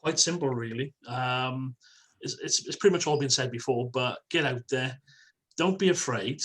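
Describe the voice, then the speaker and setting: A man at a middle pitch speaks as a panelist over a video call. He gives his advice in a brisk, plain-spoken way. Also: fairly bright tone. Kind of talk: panel remarks.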